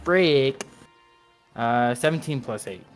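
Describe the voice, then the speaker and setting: A man's voice: mid-range voice, expressive, takes it slowly, faint music behind. A man playing a tabletop game, playful and goofy, making silly sound effects as he acts. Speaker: player.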